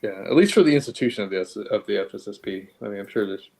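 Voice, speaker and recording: A man on a casual podcast, speaking quickly and bluntly. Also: on the low side, expressive, creaky, a little mellow.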